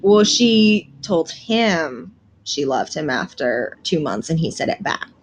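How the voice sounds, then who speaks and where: A woman's voice: sits low, sing-song, slow, background noise. A woman co-hosting a podcast, casually recapping episodes with amusement. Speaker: podcast co-host. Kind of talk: casual chat.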